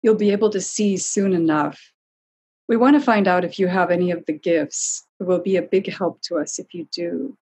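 A stern, gruff older creature father, as a woman reader puts him on. He speaks bluntly and bossily. The voice sits low with a husky, breathy texture. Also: moderate pace, a little mellow.

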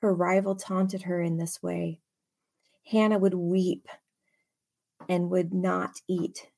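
A woman leading a casual Bible study, reading scripture aloud with expressive emphasis and chatty asides. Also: fairly low pitch, slow pace, vocal fry. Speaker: Bible teacher.

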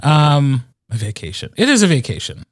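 A man co-hosting a podcast, an audiobook narrator talking in a relaxed way, hesitating often with ums. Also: on the high side, normal speed, no echo, studio quality. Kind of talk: casual chat.

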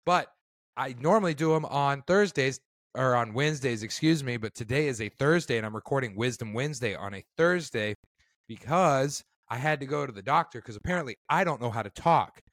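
A man's voice: medium pitch, expressive, a little fast, fairly bright tone, no room sound, clean studio sound. A man hosting a casual Christian podcast, talking in a chatty, self-deprecating way with rambling asides, his vocal cords strained. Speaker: podcast host. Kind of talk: casual Bible-based podcast talk.

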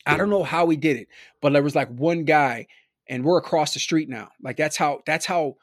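Man from Milwaukee, loose casual storyteller, leans on "like" and "right?", lightish pitch, dry close mic. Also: normal speed, dry recording. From Milwaukee, USA. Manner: rambling, peppered with "like" and "right?". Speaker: podcast guest.

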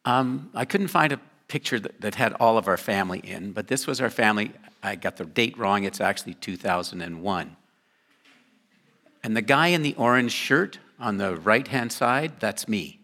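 An older man preaches to his congregation in a loose, conversational way, tossing in joking asides. His voice is bright, and his pitch swings widely as he talks. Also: animated, normal speed. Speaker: pastor. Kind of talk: sermon.

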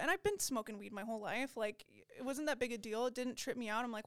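A woman who is a podcast guest in recovery, telling her story in a lively, casual way and acting out her own past lines, with many "like"s. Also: fairly high pitch, fast, few pauses, smooth, dry recording, clean studio sound.

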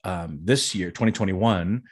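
Middle-aged male co-host, lowish voice, chatty and giggly. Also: unhurried. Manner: chatty, laughs often, excitable. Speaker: podcast co-host. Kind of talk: casual chat.

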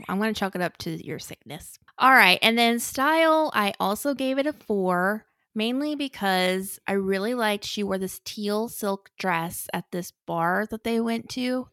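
A woman co-hosting a podcast chats casually and enthusiastically about a holiday movie, giggling from time to time. Her voice is medium-pitched and fairly bright, captured in a clean, echo-free studio.

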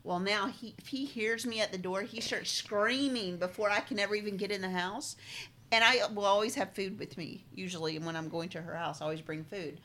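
A woman's voice: mid-range voice, steady tone, brisk, a bit bright. Laid-back woman telling a dog story. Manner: laid-back anecdote teller. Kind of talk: casual podcast chat.

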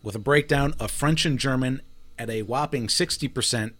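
A man hosts a loose chat with friends, talking things over at an easy pace. His voice sits at a middle pitch, and he laughs often while reading out numbers. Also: normal speed, fairly bright tone. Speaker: host. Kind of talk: casual group chat.

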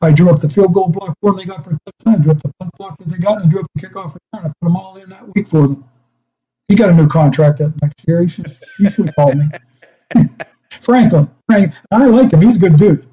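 A man's voice: high voice, fast, mellow, muffled recording. An older man, a former coach, telling rambling stories in a casual interview, with chuckles and self-interruptions. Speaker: guest, former special teams coach.

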